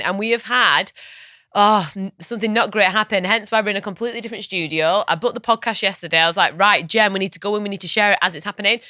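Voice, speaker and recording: An upbeat woman co-hosting a podcast in easy, chatty talk, laughing often. Her voice is bright and forward, and the studio sound is close and dry with no room echo. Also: medium pitch. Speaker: podcast co-host. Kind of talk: casual podcast chat. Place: recording studio.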